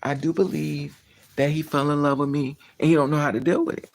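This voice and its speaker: A woman chatting on a livestream, telling a story in an animated way with sudden outbursts. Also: sits low, fairly quick, gravelly, slight background noise. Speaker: livestream host. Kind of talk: casual storytelling.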